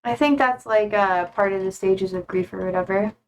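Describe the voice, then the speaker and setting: A woman's voice: mid-range voice, moderate pace. A woman live-streaming from home, chatting casually and rambling with lots of fillers as she reads viewer comments aloud into a desk mic.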